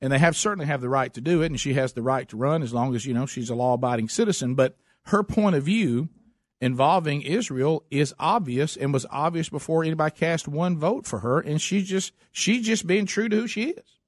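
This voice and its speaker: A man's voice: fairly high pitch, fairly quick, no room sound, clean studio sound. A man hosting a political talk show, speaking emphatically and often repeating words as he starts a thought. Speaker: talk radio host.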